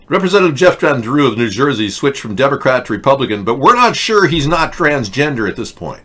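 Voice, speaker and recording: Sarcastic guy host, bright voice, mocking rambly political rants. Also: mid-range voice, big pitch swings, moderate pace, hardly any pauses. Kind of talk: satirical political commentary.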